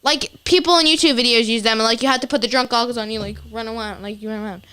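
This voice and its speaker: A teenage girl chats on a live show and tells stories that pile up fillers. Her voice sits high and comes across smooth and clear. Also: fairly even intonation, very fast, sharp tone. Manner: chatty storyteller, lots of fillers and laughs. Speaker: co-host. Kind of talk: casual chat.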